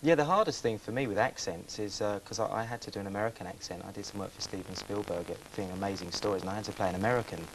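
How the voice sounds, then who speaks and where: A man talks casually as a studio guest, rambling and breaking off his own sentences. His voice sits on the low side, with a faint tape hiss behind it from an old VHS recording. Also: rapid-fire, gravelly, few pauses, rough recording. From England. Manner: chatty, rambling, self-interrupting. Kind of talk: casual chat.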